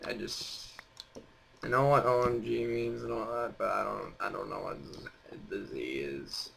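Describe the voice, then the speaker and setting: A man's voice: fairly low pitch, a little slow, creaky, fairly bright tone, slight background noise. A young man hosting a casual chat on a voice call, rambling and teasing with lots of fillers. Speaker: host.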